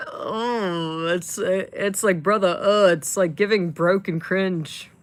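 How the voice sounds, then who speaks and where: A woman's voice: medium pitch, fairly even intonation, takes it slowly. A woman livestreaming in casual chat, rambling with lots of fillers and swearing when frustrated.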